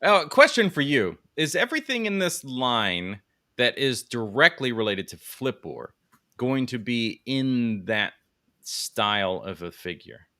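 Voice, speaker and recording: Man, bright tone, very lively pitch, wisecracking, casual livestream co-host. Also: a little slow. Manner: lively, wisecracking, reads chat names aloud.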